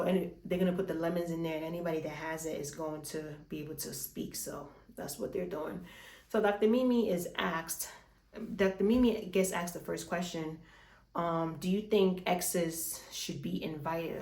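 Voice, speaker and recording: A woman's voice: on the low side, normal speed, echoey room. A woman recapping a reality show in casual chat, swearing freely and acting out the dialogue. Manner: animated, swears freely, retells scenes with dialogue. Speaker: recap host.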